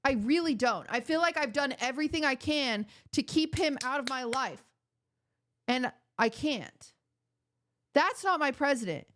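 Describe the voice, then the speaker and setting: A woman's voice: high voice, expressive, unhurried, a bit bright. A young woman streaming from home, chatting with her viewers in a rambling, joking, mock-outraged way. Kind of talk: casual chat with chat viewers.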